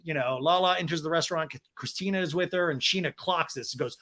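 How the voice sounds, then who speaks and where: A man's voice: on the high side, fast, pushed and bright. A man hosting a comedy podcast, recapping reality TV in a campy, sarcastic way, swearing often and acting out the cast's quotes in voices. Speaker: podcast host.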